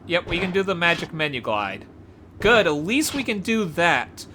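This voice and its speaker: A woman gives excited gameplay commentary, often gasping and exclaiming as she explores. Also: on the low side, normal speed, very noisy. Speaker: gameplay video creator.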